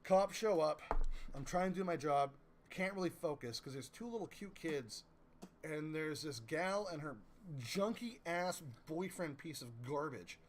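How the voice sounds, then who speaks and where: A man co-hosting a live-streamed chat show, telling a story as a profane, animated rant. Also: fairly high pitch, measured pace, slight background noise. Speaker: podcast co-host.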